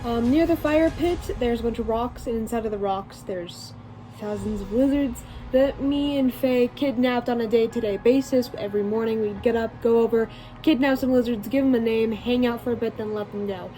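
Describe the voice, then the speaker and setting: Narrating her holiday vlog, a teenage girl speaks at normal speed in a warm, fairly high voice. She's casual and meandering, full of filler words and restarted sentences, and the recording quality is poor.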